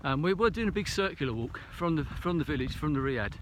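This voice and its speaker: A man's voice: fairly high pitch, expressive, fast, a bit bright, a little hiss or hum. A man talking casually to a camera while hiking a snowy mountain trail, a little out of breath, rambling and hesitant with many fillers. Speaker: vlogger.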